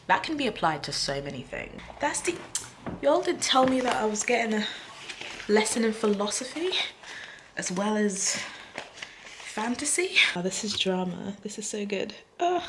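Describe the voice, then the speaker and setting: A woman talking through her reactions to a book in a casual vlog, excitable and chatty, with gasps and whispered asides. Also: mid-range voice, moderate pace, background noise. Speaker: book vlogger.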